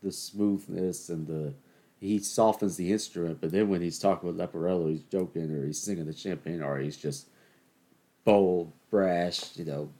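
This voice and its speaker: Male podcast host, low voice, casual opinionated rambler. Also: steady tone, moderate pace. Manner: rambling, opinionated, with many fillers and restarts; bursts into loud, high exasperation at a game on TV. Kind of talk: casual solo rant.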